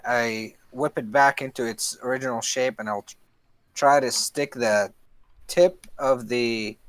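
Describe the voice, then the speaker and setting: A man's voice: mid-range voice, a bit bright, no echo. A man playing a tabletop game, describing his actions hesitantly with many fillers. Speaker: player.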